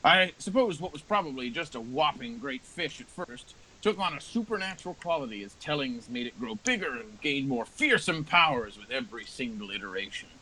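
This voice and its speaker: A man's voice: mid-range voice, lively intonation, pushed and bright, slight background noise, pitched above the performer's own voice, low-quality recording. Man playing a dying old man telling a tale. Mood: solemn. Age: older. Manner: slow, grave storytelling. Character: old bearded man, dying, solemn storyteller.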